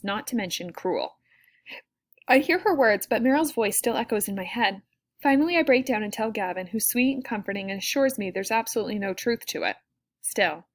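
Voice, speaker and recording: A woman reading a first-person audiobook in a soft, reflective way. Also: medium pitch. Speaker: audiobook narrator.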